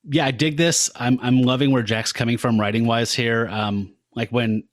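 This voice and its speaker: A man co-hosting a podcast, retelling a comic in an animated, casual way with laughs. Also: mid-range voice, normal speed, no echo. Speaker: podcast co-host. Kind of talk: casual comic book discussion.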